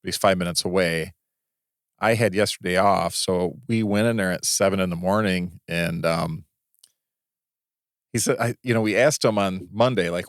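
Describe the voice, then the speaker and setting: Male podcast co-host, low voice, rambling storyteller, dry studio sound. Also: no room sound. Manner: rambling, halting storyteller with many restarts. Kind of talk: casual chat.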